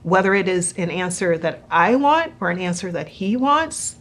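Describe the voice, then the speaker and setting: A middle-aged woman, a pastor's wife, speaking gently and softly with frequent laughter in a conversational Q&A about marriage. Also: lowish voice, very animated, normal speed.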